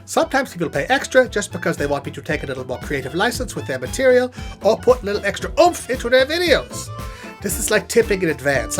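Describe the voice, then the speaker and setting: A performer voicing a vain male puppet professor who talks to camera as a comic spokesman, theatrical and sassy. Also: fairly bright tone. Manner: theatrical, sassy, swooping pitch. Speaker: puppet spokesman for custom videos. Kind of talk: comic scripted monologue to camera. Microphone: on-camera puppet set.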